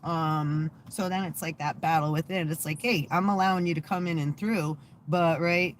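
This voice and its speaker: A woman's voice: low-pitched, fairly even intonation, normal speed, slight background noise. A rambling, sarcastic, cursing woman. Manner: profane, sarcastic, laughs a lot; trails off with many fillers and restarts. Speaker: channel host. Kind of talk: casual rambling vlog chat.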